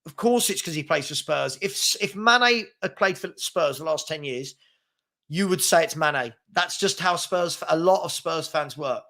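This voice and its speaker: A man's voice: on the high side, measured pace. A middle-aged man hosts a casual football live stream, reading viewer comments and arguing back with exasperation. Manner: animated, exasperated, argumentative.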